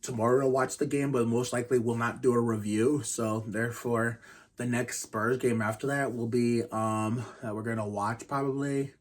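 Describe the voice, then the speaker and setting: A man in his thirties hosting a casual basketball review vlog, rambling and restarting often and keeping his voice quiet. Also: mid-range voice, steady tone, normal speed. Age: 30s. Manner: speaks quietly to keep the noise down. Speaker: channel host reviewing basketball games.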